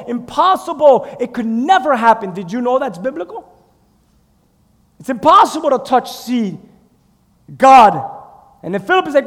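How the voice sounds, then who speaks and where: A man preaching a fervent sermon, swinging from shouts to hushed asides. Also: very high voice. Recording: long reverb in a large hall.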